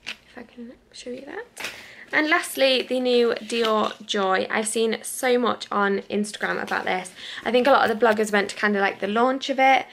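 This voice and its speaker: A woman's voice: a little high, vocal fry, fairly bright tone. A British woman vlogging at home on her sofa, chatty and rambling, laughing at herself as she goes.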